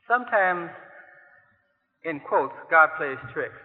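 A man preaching a sermon who swings between soft asides and loud, emphatic outbursts and asks his listeners direct questions. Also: a little high, expressive, slow pace. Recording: tinny phone-like sound in a long-reverb hall.

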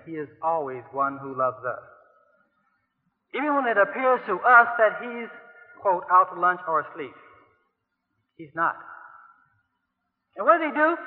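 A man preaching a sermon who swings between soft asides and loud, emphatic outbursts and asks his listeners direct questions. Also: high voice. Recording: tinny phone-like sound in a long-reverb hall.

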